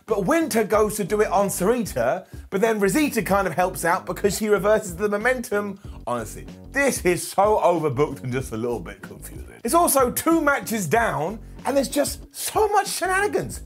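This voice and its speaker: Sarcastic guy doing a funny wrestling review, highish voice, bouncy delivery, bit of music behind. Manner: animated, sarcastic, laughs at own jokes. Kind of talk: comedic retro review commentary.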